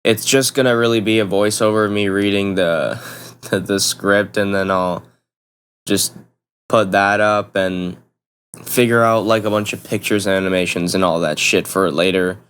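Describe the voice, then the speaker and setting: A man's voice: on the low side, steady tone, moderate pace, fairly bright tone, slight background noise. A young man talks casually to camera in a blunt, profane, rambling way, often restarting his sentences. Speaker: vlogger.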